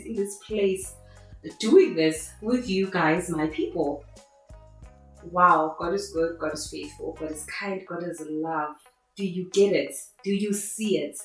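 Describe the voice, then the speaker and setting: A woman hosting her own podcast in an excitable, rambling way, with faith-filled asides. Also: medium pitch, a little slow. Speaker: podcast host. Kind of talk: casual solo podcast monologue. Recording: very echoey room with faint music.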